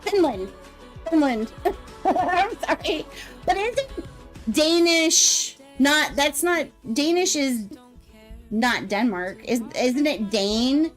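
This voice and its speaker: A woman's voice: high voice, expressive, slow pace, long pauses, soft background music. An American woman streamer chatting casually, rambling and giggling often between her remarks. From United States. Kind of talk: casual live-stream chat.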